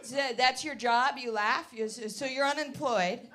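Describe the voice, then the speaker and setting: A woman's voice: a little high, a little slow. A woman working the crowd as the MC of a live comedy show, brash and teasing, swearing freely. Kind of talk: live stand-up crowd work. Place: live comedy venue with audience. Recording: loud crowd noise in a venue. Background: audience laughter and chatter.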